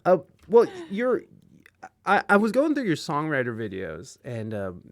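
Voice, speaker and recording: A man's voice: on the high side, huge pitch swings, a little slow, dry recording. A man hosting an interview in a casual, joking way, putting on playful outrage and teasing his guest. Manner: jokey mock outrage, theatrical and loud. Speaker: host.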